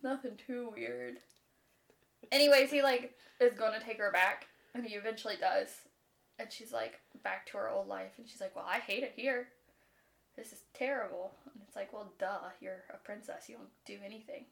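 A young woman co-hosting a podcast, chatting casually and animatedly about a book, swearing freely and mimicking the characters in quick asides. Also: a little high, steady tone, creaky, a bit bright. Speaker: podcast co-host.

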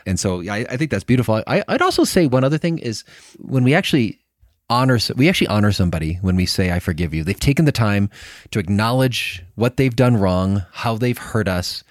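A middle-aged man co-hosting a podcast conversation, animated and prone to restarting sentences. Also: lowish voice, fairly quick, no room sound, studio quality. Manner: animated, restarts and repeats words. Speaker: podcast co-host. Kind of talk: casual conversation.

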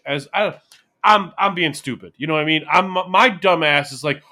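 A man in casual podcast chat who rambles and pokes fun at himself while working through his thoughts. His voice sits a little high, with a bright, forceful edge. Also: brisk. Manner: rambling, self-deprecating, thinks out loud. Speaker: podcast co-host.

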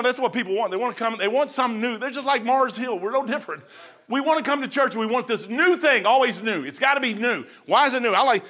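Folksy high-voiced male preacher. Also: bright, forceful tone. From Kentucky. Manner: folksy, conversational, says "man" often. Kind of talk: informal sermon.

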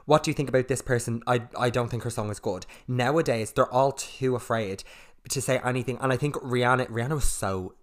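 A man's voice: mid-range voice, a little fast. A man co-hosting a casual podcast chat, blunt, sweary and opinionated. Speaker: podcast co-host.

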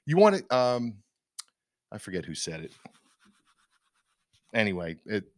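Man, podcast co-host, emphatic rant, swooping lively pitch, dry close sound. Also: unhurried, no echo. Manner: ranting, emphatic, with repeated restarts. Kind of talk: casual opinion chat.

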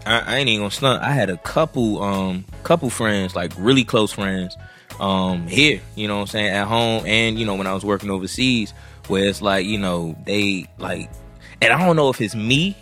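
A man's voice: fairly low pitch, normal speed, a bit bright, faint music behind. A man in casual chat as a podcast co-host, laid-back and full of fillers, mimicking others as he tells a story.

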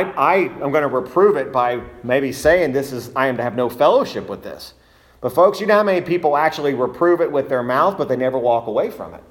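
A man preaching a sermon, reading scripture aloud and then explaining it earnestly, slowing down and leaning on key words. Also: fairly high pitch. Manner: earnest, emphatic, rises and slows on key words.

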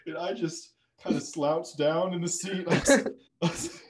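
A man's voice: a little high, animated, moderate pace. Rambling young man hosting a podcast. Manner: rambling storyteller, laughs a lot. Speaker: podcast host. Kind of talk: casual chat.

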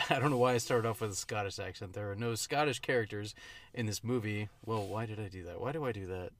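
A podcast co-host chats casually, his low-ish voice moving fairly quickly. He rambles and keeps correcting himself mid-thought.

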